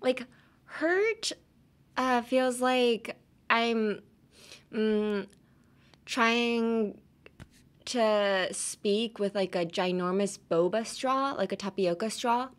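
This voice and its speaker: A woman's voice: fairly high pitch, very slow, pauses often. A young woman hosting a podcast and teaching English pronunciation in a casual, playful way. She laughs often and mixes English with Japanese. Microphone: talking into a camera.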